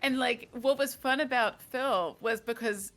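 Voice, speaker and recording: A woman author in her forties talks in a loose, chatty way, a faint Delaware County accent still showing under her words. She laughs easily and keeps her sentences quick and rambling. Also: fairly high pitch, fairly bright tone. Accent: faint Delco Philadelphia-area. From Delaware County, Pennsylvania. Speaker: guest author. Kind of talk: casual chat.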